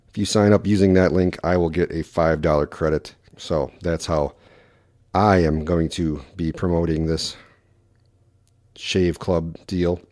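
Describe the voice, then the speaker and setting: A man from Wisconsin with a Wisconsin accent, hosting a casual solo podcast in quick, rambling talk full of fillers. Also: low voice, dark tone, dry recording, clean studio sound. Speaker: podcast host.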